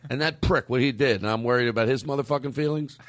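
A man co-hosting a comedy podcast, talking in goofy, loose banter and quick to laugh. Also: mid-range voice. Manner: animated, goofy, quick to laugh and do silly voices. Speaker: podcast co-host.

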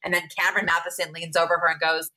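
A woman's voice: lowish voice, flat delivery, racing, pushed and bright. A woman co-hosting an interview podcast, telling stories in an upbeat, enthusiastic way. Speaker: podcast co-host. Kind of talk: casual interview chat.

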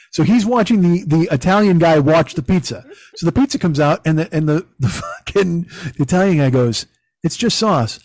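Middle-aged man, fairly high voice, swearing and rambling, dry close mic. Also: no room sound. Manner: profane, rambling, animated storytelling. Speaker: podcast host. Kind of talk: casual chat.

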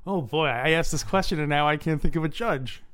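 A man co-hosting a podcast, chatting casually about a film in a relaxed way that often trails off quietly. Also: fairly high pitch, fairly quick. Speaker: podcast co-host.

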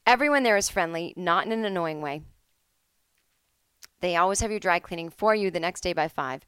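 A woman with a low, smooth voice talks casually on her own podcast from home. She tells comic stories and acts out the people she quotes in shifting voices. The sound is close and dry, with no room around it. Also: expressive, brisk, a bit bright, no room sound. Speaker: podcast host. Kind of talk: casual comedic monologue.

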